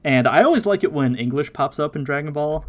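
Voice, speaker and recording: A man hosting a podcast, casually recapping an episode with lots of laughter and quick silly voices. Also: fairly high pitch, lively intonation. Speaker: podcast host.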